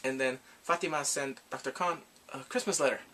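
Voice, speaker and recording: A man's voice: mid-range voice, a little fast, fairly bright tone, slight background noise. A grown man chatting casually as a YouTube reviewer, rambling and fanboyish about a show he loved. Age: adult.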